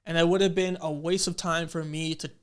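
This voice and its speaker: A young man casually telling a story as he reacts to his old videos, lively and full of fillers, acting out what people said. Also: on the high side, brisk, smooth. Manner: animated storyteller, acts out quoted exchanges, many fillers.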